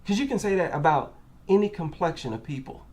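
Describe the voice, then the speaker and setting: A man's voice: fairly high pitch, expressive, fairly quick, darkish tone. A man with an African American accent giving reaction commentary, incredulous and asking rhetorical questions.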